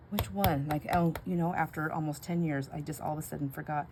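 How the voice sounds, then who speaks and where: A middle-aged woman chats and rambles casually while making labels at home for a crafting vlog, laughing often and musing aloud. She talks fast in a low voice with hardly any pauses, over steady background noise.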